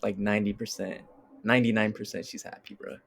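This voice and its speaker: A man's voice: fairly low pitch, flat delivery, quick pace, vocal fry. A young man co-hosting a podcast, chatting casually with slang, fillers and frequent restarts. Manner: laid-back, slangy, many fillers and restarts. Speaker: podcast co-host. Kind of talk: casual chat.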